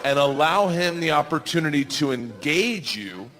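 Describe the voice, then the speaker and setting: A man's voice: on the high side, expressive, normal speed, a bit bright, some chatter behind. A man voicing a stern, bossy male animal trainer giving instructions in a stand-up story. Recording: reverberant live room with background noise.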